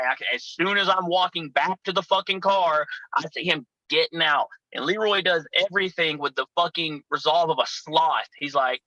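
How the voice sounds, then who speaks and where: A man's voice: a little high, bright, forceful tone, no room sound, low-quality recording. A man telling profane, rowdy road stories in a casual chat as a guest. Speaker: pro wrestler guest.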